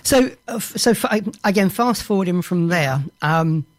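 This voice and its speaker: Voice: mid-range voice, animated, normal speed. An interviewer hosting a talk, asking questions with hesitant restarts and fillers. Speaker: interviewer host.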